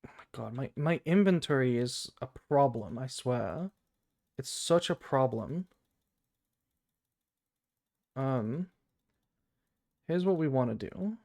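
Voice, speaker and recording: A man's voice: medium pitch, animated, takes it slowly, vocal fry, pauses often, darkish tone. A man with a British accent streaming a game, thinking aloud in rambling casual chat. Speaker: gaming streamer.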